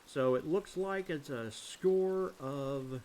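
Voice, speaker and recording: A man's voice: on the high side, takes it slowly, darkish tone, a little hiss or hum. A man doing casual game commentary while playing, in a playful and offhand way. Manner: playful and offhand, hums silly sounds. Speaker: let's-play host.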